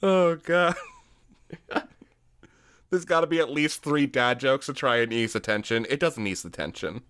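A man's voice: medium pitch, measured pace, a bit bright, clear, resonant tone. A man guesting on a podcast in casual chat, spinning out jokey story ideas and laughing often.

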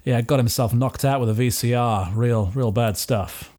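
A man's voice: medium pitch, moderate pace, mellow. A man playing a tabletop role-play game, joking and laughing. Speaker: player.

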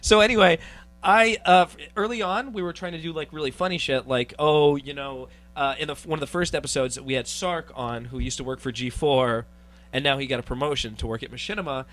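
A man's voice: a little high, brisk, fairly bright tone, faint music behind. Brash man telling stories on a podcast. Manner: brash, swearing, storytelling with laughs. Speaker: guest co-host. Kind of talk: casual podcast chat.

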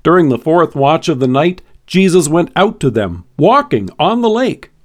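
A man hosting a devotional podcast, reading a scripted devotion with expressive, varied emphasis. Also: a little high, normal speed.

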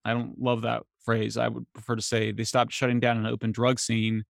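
A man speaking as an author guest in a casual interview, animated and getting exasperated at times. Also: mid-range voice, a little fast, creaky, no echo, clean studio sound. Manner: animated, voice jumps up when exasperated.

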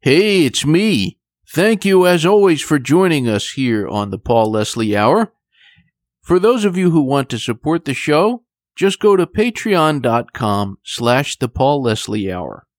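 A man's voice: fairly high pitch, sing-song, measured pace, no room sound, studio quality. A male podcast host giving polished, formal introductions to his guest. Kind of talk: podcast hosting.

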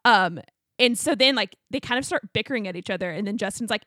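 Fast-talking young woman telling a story. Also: mid-range voice, no echo, clean studio sound. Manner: animated storyteller, acts out quotes, many fillers. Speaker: podcast co-host. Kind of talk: casual storytelling chat.

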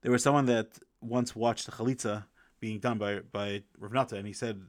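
A man reviewing a book by telling stories in a casual, halting way, with many restarts and fillers, lingering reverently on sayings. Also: fairly low pitch, steady tone, no room sound, clean studio sound.

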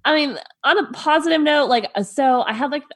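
A woman's voice: high voice, fairly quick, a bit bright, dry recording. A pregnant young woman co-hosting a podcast, candid and wry in casual chat. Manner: sympathetic, many "aw"s, wry and candid. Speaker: podcast co-host.

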